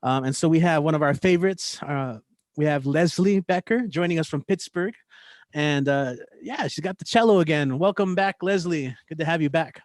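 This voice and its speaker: A man hosting an online open mic, chatting in a relaxed, rambling way. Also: fairly high pitch, moderate pace, no room sound, studio quality. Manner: relaxed, friendly, rambling with restarts. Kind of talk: casual hosting chat. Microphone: video call.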